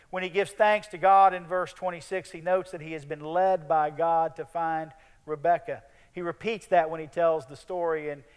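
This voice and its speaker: A man preaching a sermon in an earnest tone, his voice dropping soft at the ends of phrases. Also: on the high side, clean tone, big-room sound.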